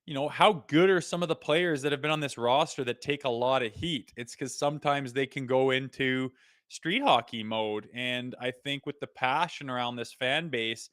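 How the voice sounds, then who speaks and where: A man co-hosting a casual hockey podcast, talking excitedly and rambling with lots of "like" as he breaks down plays. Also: medium pitch, normal speed, no echo, studio quality. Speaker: co-host; father. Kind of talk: casual sports podcast chat.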